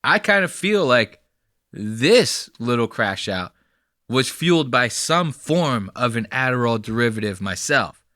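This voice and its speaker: A man's voice: mid-range voice, sing-song, a little slow, pushed and bright, no room sound, clean studio sound. A young man hosting a podcast, giving blunt, profane, heated commentary on video clips. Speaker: podcast host. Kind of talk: casual commentary reacting to clips.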